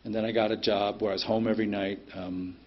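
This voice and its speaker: A middle-aged man speaks in a somewhat low, husky voice, sharing his story at a recovery meeting. His talk is plainspoken and blunt, full of ums and the odd curse. The meeting-room recording sounds dull and lo-fi. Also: little pitch movement, fast talker. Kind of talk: personal recovery share.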